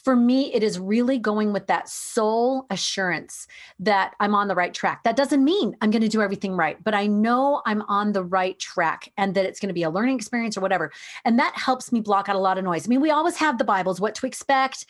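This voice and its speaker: A woman's voice: medium pitch, fairly quick. A middle-aged woman guest in casual conversation, telling her stories earnestly and with animation. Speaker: podcast guest.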